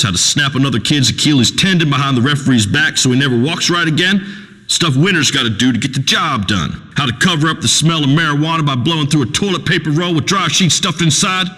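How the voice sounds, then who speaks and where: A man's voice: on the high side, pushed and bright, long reverb tail. An actor playing a crude, preachy rural male talk radio host who rambles and pontificates in a folksy way. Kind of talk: radio call-in show acting.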